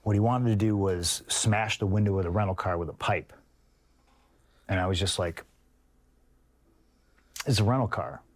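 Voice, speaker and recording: A man's voice: deep voice, steady tone, moderate pace. A middle-aged man in a candid interview, telling his side bluntly and swearing freely. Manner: blunt, swears, acts out quoted dialogue. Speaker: pro wrestler interviewee.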